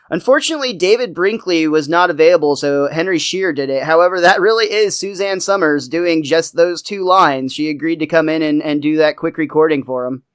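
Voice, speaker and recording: A man's voice: a little high, clear, resonant tone. A man co-hosting a podcast, casually recapping a cartoon episode and laughing often. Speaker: podcast co-host.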